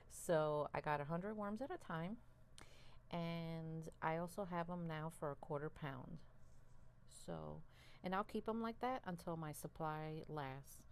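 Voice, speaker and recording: A woman vlogging about her worms, chatty and excitable, laughing often, a little out of breath. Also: low voice, a little hiss or hum. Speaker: worm farmer and channel host. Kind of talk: casual chat to camera while handling worms.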